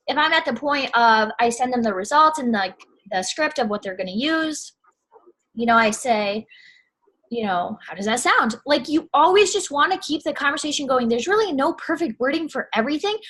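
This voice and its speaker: Bright, chatty young woman. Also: high-pitched, normal speed. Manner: chatty, fillers like "you know what I'm saying", animated quoting. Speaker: network marketing seller. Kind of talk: casual advice vlog.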